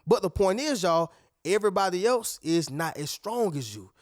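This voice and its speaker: A man's lively intonation at normal speed carries this motivational talk to camera, recorded with clean studio sound and no echo. Preachy and emphatic, he addresses "y'all" and "family" and regularly voices other people in a higher tone.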